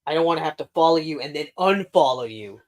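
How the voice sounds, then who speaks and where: A man's voice: on the high side, expressive, quick pace. A man in his thirties co-hosting a casual chat podcast, rambling and swearing, often laughing at his own jokes. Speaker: podcast co-host.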